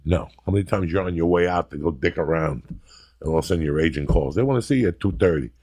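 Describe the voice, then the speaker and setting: An older man hosting a podcast, talking bluntly and gruffly in casual chat. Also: deep voice, quick pace, mellow, dry recording, clean studio sound. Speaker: podcast host.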